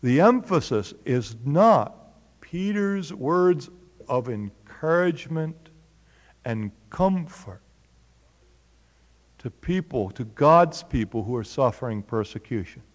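A man's voice: a little high, sing-song, slow, in a large hall. A man teaching a Bible study in a conversational way, asking his listeners questions. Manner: conversational, asks the audience questions. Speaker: preacher.

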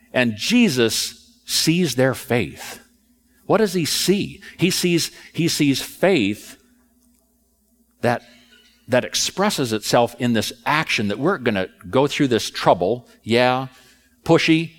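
A male preacher tells his story in an easy, conversational way, his pitch swinging up and down with lively emphasis. The voice sits in the middle of the male range and sounds animated throughout. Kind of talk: sermon.

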